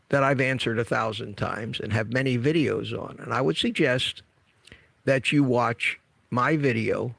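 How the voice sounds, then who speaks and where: A man's voice: medium pitch, creaky, fairly bright tone, slightly rough, no echo. A man in his seventies who hosts a health channel, giving direct, emphatic, somewhat repetitive advice in casual livestream talk. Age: 70s.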